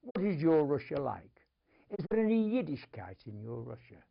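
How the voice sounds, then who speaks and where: A man's voice: on the high side, sing-song, normal speed, highs cut off. An older man from Manchester, England, telling a family story as an interview guest, emotional, swinging between whispers and urgent outbursts. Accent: Manchester English. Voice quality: gravelly, husky.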